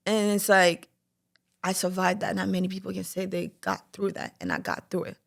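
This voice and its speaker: A woman's voice: lowish voice, moderate pace, creaky. A young woman hosting a faith podcast, sharing a personal testimony in candid casual talk, full of "like" and acted-out quotes. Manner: candid, lots of "like" fillers, animated quoting. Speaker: podcast host.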